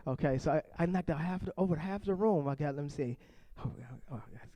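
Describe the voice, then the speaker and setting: A man's voice: on the high side, a little fast, no echo, lo-fi sound. Playful man doing stand-up crowd work. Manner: playful, chatty crowd work, often laughing. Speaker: comedian performing for a seniors group.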